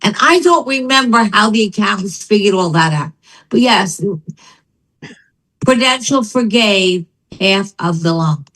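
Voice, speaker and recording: A woman's voice: mid-range voice, a little slow, rough recording. An older woman telling her story as a guest in a casual conversation, acting out the people she quotes. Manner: animated storytelling, acts out quotes. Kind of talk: casual chat.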